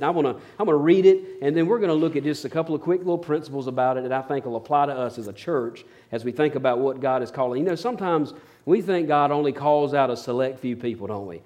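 A man's voice: fairly high pitch, fast, mellow. A man preaching a sermon, telling stories in a folksy, rambling way with fillers and restarts. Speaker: pastor.

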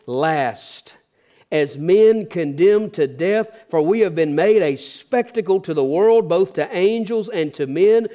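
A man preaching a sermon, lively and playful, slipping into sarcastic asides and dropping quiet at times. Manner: varies volume, dropping low for quiet asides. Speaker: pastor.

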